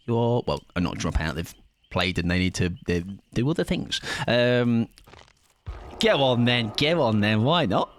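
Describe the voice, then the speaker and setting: A young man streaming a game, chatting loudly and energetically with his viewers and laughing often. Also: medium pitch. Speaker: livestreamer. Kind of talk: casual gaming livestream chat.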